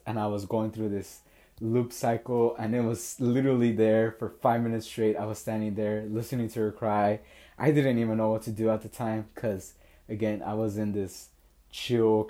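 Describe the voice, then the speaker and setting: A young man hosting a podcast, telling a personal story in a casual, animated way and laughing often. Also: lowish voice, a little slow. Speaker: podcast host.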